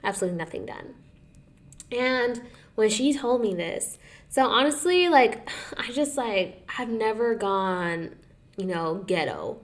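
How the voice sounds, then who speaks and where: A young woman co-hosting a casual podcast tells a long story at a measured pace in a medium-pitched voice. She animatedly acts out what each person said and drops "like" into nearly every line.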